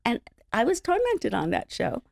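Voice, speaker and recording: A middle-aged woman from the Los Angeles area, an interview guest telling stories in an animated, laughing way. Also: fairly high pitch, normal speed, vocal fry, no room sound, clean studio sound. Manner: animated, laughing, acts out other people's voices. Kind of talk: casual storytelling chat.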